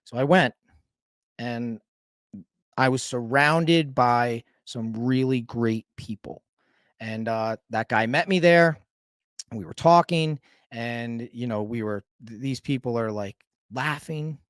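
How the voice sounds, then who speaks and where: A man speaking at a middling pitch, telling a personal recovery story with a frank, easygoing looseness. He rambles on with the occasional curse, and his voice sits close and dry with no room sound around it. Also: slow pace, no room sound. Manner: rambling, candid and casual, with occasional swearing. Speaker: sobriety coach and guest storyteller.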